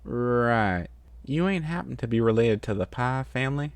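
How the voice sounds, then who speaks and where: A man voicing a folksy country farm mare with a drawl, loud and proud in a storybook reading. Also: medium pitch, expressive, normal speed, dry recording, natural voice.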